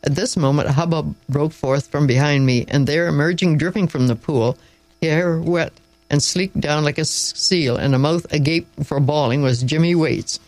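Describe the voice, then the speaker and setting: Man, audiobook narration, measured, wry, lightly raised pitch, dry close mic. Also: a little mellow, dry recording, low-quality recording. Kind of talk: scripted narration.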